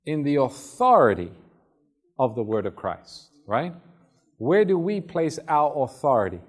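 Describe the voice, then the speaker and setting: A man's voice: medium pitch, very animated, a little slow. Man preaching a conversational sermon. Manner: conversational, acts out Bible scenes.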